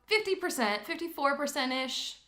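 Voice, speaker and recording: A woman co-hosting a casual podcast from home, upbeat and quick to laugh. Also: high voice, animated, sharp tone. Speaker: podcast co-host. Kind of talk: scripted intro then casual chat.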